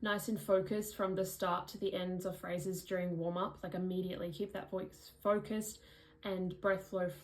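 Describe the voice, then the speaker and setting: A woman's voice: fairly low pitch, flat delivery, normal speed, poor audio. Chatty Australian woman vlogging. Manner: chatty, frequent "like" fillers, demonstrates vocal sounds. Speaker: vlogger, musical theatre singer. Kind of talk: casual vlog recap.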